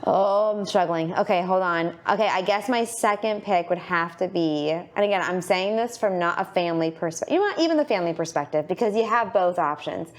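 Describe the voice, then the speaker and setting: A woman talks as a podcast guest in a lively, rambling flow, stacking fillers and restarts as she tells her stories. Her voice sits a little low for a woman. She sounds bubbly and eager to share. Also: a little fast, few pauses. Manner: animated, rambling storyteller with many fillers and restarts. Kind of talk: casual interview chat.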